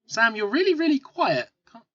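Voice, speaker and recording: A man narrating as game master of a tabletop game, halting with many fillers. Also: very high-pitched, very animated, pushed and bright, no room sound. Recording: dull lo-fi recording with faint music.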